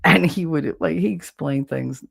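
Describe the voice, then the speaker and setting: A woman's voice: sits low, a little slow, vocal fry, a bit bright, slightly rough. A woman in her forties hosting a livestream, telling crude stories candidly and laughing often. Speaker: livestream host. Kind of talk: casual chat with viewers.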